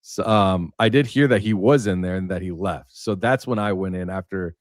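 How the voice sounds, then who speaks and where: A man's voice: low voice, moderate pace, dry recording, clean studio sound. A man hosting a casual livestream, telling stories in a rambling way with many fillers. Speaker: livestream host.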